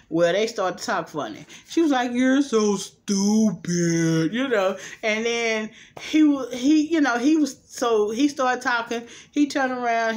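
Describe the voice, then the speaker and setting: A woman casually retelling a movie plot for her vlog, rambling, laughing often and acting out the characters' lines. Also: on the high side. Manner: acts out quoted lines animatedly. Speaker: movie reviewer vlogger.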